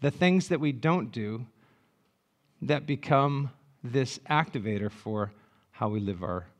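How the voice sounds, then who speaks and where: Speaking slowly at a medium pitch, a pastor in his sixties tells animated, humorous stories in his sermon. He moves back and forth between loud asides and hushed, reflective moments.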